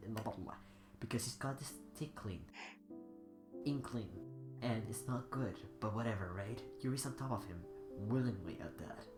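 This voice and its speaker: A man's voice: fairly low pitch, moderate pace. A sick, congested man reading fanfiction aloud in a rambling, giggly, off-the-cuff way. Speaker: fanfiction reader. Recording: echoey room with loud music.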